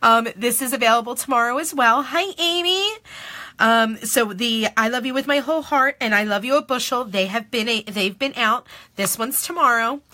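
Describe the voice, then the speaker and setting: A woman's voice: a little high, moderate pace, sharp tone, no room sound. A woman in her thirties hosting a live video on her phone, gushing over craft products and greeting viewers by name. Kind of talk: live product showcase chat.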